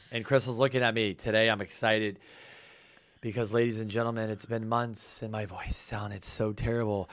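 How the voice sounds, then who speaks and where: A man co-hosting a podcast in casual chat, talking with an energetic, hyped-up delivery. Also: lowish voice, moderate pace, no echo, clean studio sound. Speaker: podcast co-host.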